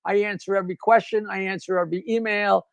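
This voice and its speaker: A man's voice: sits high, steady tone, fast, gravelly, smooth, no room sound. An older man with a Long Island accent, a guest comedian chatting and telling jokes in a brash, rambling way. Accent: Long Island New York. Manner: brash, rambling, laughs at his own jokes. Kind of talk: casual chat and joke telling.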